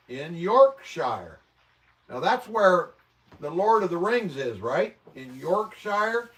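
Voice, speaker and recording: A man's voice: high voice, very animated, takes it slowly, fairly bright tone. A man from the American Midwest, hosting a casual livestream and reacting to viewer comments with mock-outraged, profane exclamations. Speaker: livestream host. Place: home, indoors. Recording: voice a bit distant from the mic.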